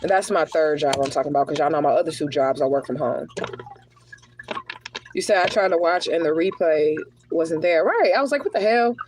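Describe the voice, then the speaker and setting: A woman's voice: low-pitched, brisk, noisy background. A woman giving a livestreamed tarot reading, talking casually and directly to her viewers, sometimes shifting into prayer-like invocations. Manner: casual, chatty, talks straight to viewers as y'all. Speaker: spiritual card reader.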